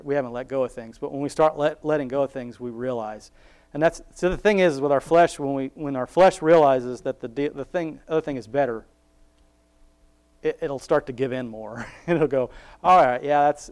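A man's voice: medium pitch, darkish tone. Chatty man laughing through a Bible reflection. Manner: rambling and self-mocking, laughs often, acts out quoted voices. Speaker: Christian speaker sharing a Bible reflection. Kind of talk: casual devotional talk.

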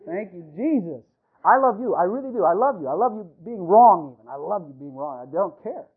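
A man who is a pastor, preaching an animated sermon to his congregation and calling out to them. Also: high voice, fairly quick. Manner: animated, talks to the congregation, many fillers. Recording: tinny phone-like radio sound.

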